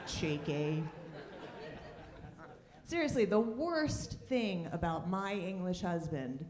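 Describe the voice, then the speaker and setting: Woman comic, stand-up set, animated delivery, roomy club stage sound. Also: medium pitch. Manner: wry, deadpan punchlines with lively asides. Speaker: stand-up comedian.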